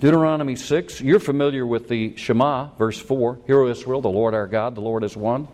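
An older man, a pastor, preaching a sermon in an animated way that acts out the quotes he tells. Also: medium pitch, brisk.

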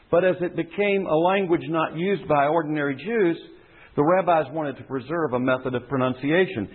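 Male pastor, lively teaching sermon, husky, thin phone-like sound. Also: fairly high pitch. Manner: teaching, explanatory, repeats phrases for emphasis.

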